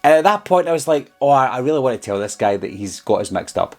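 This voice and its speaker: A Scottish man talks straight to his vlog audience in a loose, rambling way, dropping in plenty of ums and uhs. His voice sits at an ordinary middle pitch. Faint background music plays beneath him. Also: expressive, fast. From Scotland. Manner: chatty and rambling, with frequent um and uh. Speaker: horror YouTuber. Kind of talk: casual vlog storytelling.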